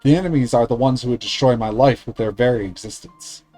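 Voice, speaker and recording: Mellow-voiced man reading a visual novel. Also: medium pitch, fast, soft background music, rough recording. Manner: steady, earnest reading with small slips. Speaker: streamer.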